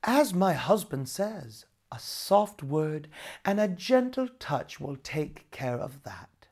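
A woman's voice: sits low, very animated, takes it slowly, darkish tone, breathy edge, exaggerated voice. A woman doing a sugary, clever young wife. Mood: soothing. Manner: sugary and soothing. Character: sweet, clever young wife coaxing a demon.

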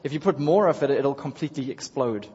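Husky-voiced male pastor in a reverberant church. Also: mid-range voice, expressive, fast, darkish tone. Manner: conversational preaching with frequent repeats, chuckles and asides to the congregation. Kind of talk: sermon. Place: church sanctuary with congregation. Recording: dull sound with long hall reverb.

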